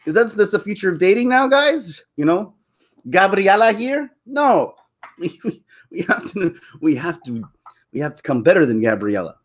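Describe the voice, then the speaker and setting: A man's voice: sits high, sing-song, normal speed. A man talking through his opinions in a casual vlog, rambling with many restarts and laughing at his own jokes. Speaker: YouTube commentator.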